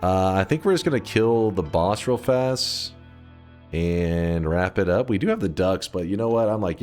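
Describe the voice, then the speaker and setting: A man chatting on a live game stream, telling rambling stories and cursing freely. His voice sits very low but moves animatedly up and down. Faint music plays behind his close desk microphone. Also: animated, moderate pace, a little mellow. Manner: rambling storyteller, swears freely, laughs often. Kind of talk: casual live-stream chat.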